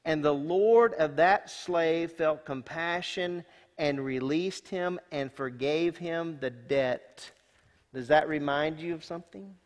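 A senior pastor preaching a sermon and reading scripture aloud, in a folksy, emphatic way that swings between loud and hushed. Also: male voice, a little high, slow pace. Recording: long hall reverb.

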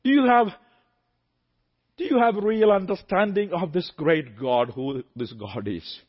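High-voiced emphatic preacher man. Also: unhurried, husky, lo-fi sound. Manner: emphatic, repetitive, swings from soft to loud. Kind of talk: sermon.

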